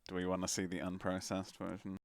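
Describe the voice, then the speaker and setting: A man's voice: low voice, completely flat delivery, quick pace, no echo. A man co-commentating a game tournament in a chatty, easygoing way, laughing often, over a noisy voice chat recording. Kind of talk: casual live commentary.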